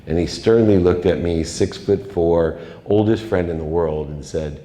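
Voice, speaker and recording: A middle-aged man giving a confessional, emotional motivational speech on stage, with dramatic swings in loudness. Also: sits low, unhurried, few pauses, slight background noise. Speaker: keynote speaker. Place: large event hall. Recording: echoey hall with long reverb.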